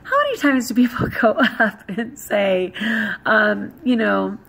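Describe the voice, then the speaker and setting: A woman vlogger talking casually, animated and blunt, joking and laughing as she goes. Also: medium pitch, unhurried, vocal fry, low-quality recording. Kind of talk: casual vlog talk.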